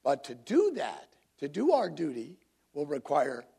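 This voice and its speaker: A man's voice: on the high side, huge pitch swings, measured pace, vocal fry, dark tone, breathy edge. A man preaching a sermon to his congregation in a conversational way, drawing listeners in. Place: church congregation.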